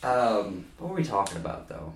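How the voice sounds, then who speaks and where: A podcast host rants in loose, profane film chat, laughing often as he goes. His pitch swings widely, and he sits back from the mic in an echoey room, so his voice sounds roomy and distant. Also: sing-song, moderate pace, slight background noise. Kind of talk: casual film-review chat.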